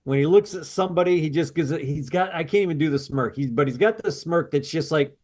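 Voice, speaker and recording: A man's voice: fairly high pitch, quick pace, hardly any pauses, a little mellow. A man co-hosting a podcast, chatting casually and telling stories with quoted asides. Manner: rambling, storytelling with quoted asides. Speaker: podcast co-host. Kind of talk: casual chat.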